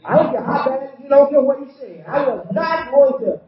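A man preaching a sermon in a folksy call-and-response style, often asking the congregation "you follow me?" and sometimes dropping to a soft, calm tone. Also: very high-pitched, moderate pace. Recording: roomy, dull church recording.

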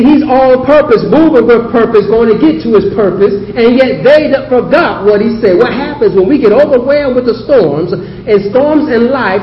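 A man's voice: very high-pitched, muffled recording. A male pastor preaching a sermon, emphatic and asking the congregation questions. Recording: echoey hall audio with slight hiss.

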